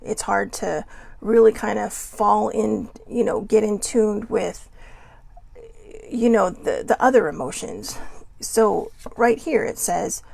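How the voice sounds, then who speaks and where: A woman's voice: mid-range voice, takes it slowly, creaky, a little mellow, breathy edge, dry recording. A woman hosting her own show, talking casually about emotions, chatty and self-deprecating, full of rhetorical questions. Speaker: host. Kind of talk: casual motivational talk.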